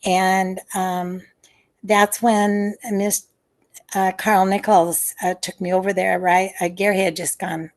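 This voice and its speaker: A woman's voice: medium pitch, flat delivery, takes it slowly. An older woman, a former nurse, recalling memories in an interview over a video call, hesitant and full of fillers and restarts. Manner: hesitant, many fillers and restarts, soft sighs.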